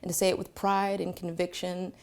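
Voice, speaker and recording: Gravelly-voiced woman. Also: lowish voice, flat delivery, a little mellow. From Philadelphia, Pennsylvania. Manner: reflective, with frequent filler pauses. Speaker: storyteller. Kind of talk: personal storytelling to camera.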